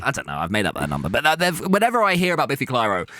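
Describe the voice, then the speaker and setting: A man's voice: medium pitch, huge pitch swings, racing, sharp tone, no room sound. An English man co-hosting a podcast, joking and teasing his friend with casual swearing. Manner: jokey, teasing, swears freely. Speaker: podcast co-host. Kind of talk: casual chat.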